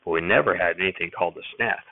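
A man's voice: low voice, fast, dry recording. Man doing an earnest young farm boy. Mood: earnest puzzled. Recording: dry tinny phone-like sound.

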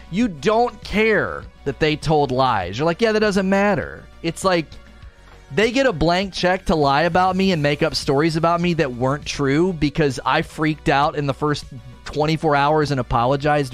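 Guy streamer ranting, defensive and worked up, voice jumping all over, a little music faint behind. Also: fairly high pitch. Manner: indignant, defensive, repetitive. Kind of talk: ranting monologue.

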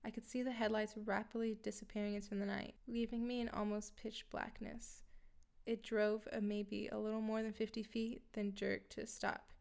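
A woman's voice: mid-range voice, little pitch movement, normal speed, gravelly, a little mellow. A woman telling a first-person horror story in a matter-of-fact way, with dry asides to her listeners.

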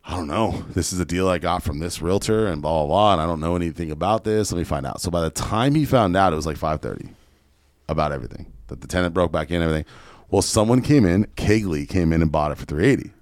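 A man telling a story in a casual podcast chat, animated and swearing freely. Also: deep voice, no room sound, studio quality. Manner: fast, profane, animated storyteller. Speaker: podcast guest, real estate investor.

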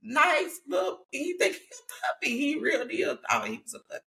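High, gravelly woman telling a lively story. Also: normal speed, slight background noise. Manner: animated storytelling, laughing often. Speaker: podcast host. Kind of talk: casual faith conversation.

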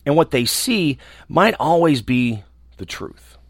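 A man who hosts a show, talking alone in a small room in a reflective, earnest way, often restarting and trailing off softly. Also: on the high side, sing-song, slightly rough, no room sound, clean studio sound. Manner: earnest, halting, with restarts and soft trailing endings. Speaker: radio host. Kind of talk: reflective casual monologue.

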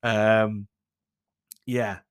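A man's voice: lowish voice, level tone, drawn-out words, clear, resonant tone. Blunt, sweary man. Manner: blunt, swears freely, chatty and candid. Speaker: advice-letter reader. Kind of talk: casual commentary, reading out letters.

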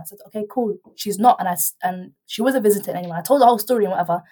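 A young woman, telling a story in casual chat as a guest, animated and rambling, with many restarts and quoted dialogue. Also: medium pitch, racing, hardly any pauses.

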